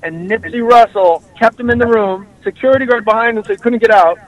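A man hosting a podcast in casual chat, telling stories in an animated way and acting out quoted voices. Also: very high-pitched, a little fast, a little hiss or hum, poor audio. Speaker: podcast host.

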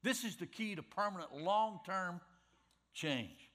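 A man's voice: high-pitched, animated, a little slow, fairly bright tone. A middle-aged man preaching a sermon in a folksy, conversational way, repeating his key phrases. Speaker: pastor.

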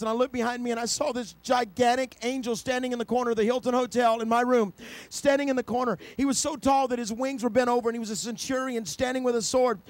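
Man preaching, very high voice, impassioned, shouts at peaks, dry close sound. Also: no echo. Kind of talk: sermon.

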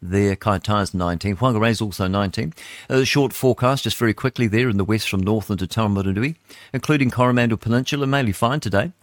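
Chatty New Zealand radio man, low dry voice. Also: fast talker, no echo. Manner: rambling, chatty, asides and fillers. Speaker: radio host. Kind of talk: casual radio chat reading weather.

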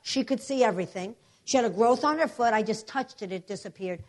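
A woman preaching a sermon, telling healing testimonies with emphatic, animated storytelling and repeated declarations. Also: a little high, brisk.

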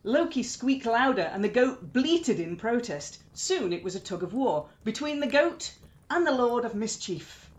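A woman storyteller narrating a myth in an expressive, lilting way. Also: fairly high pitch, measured pace.

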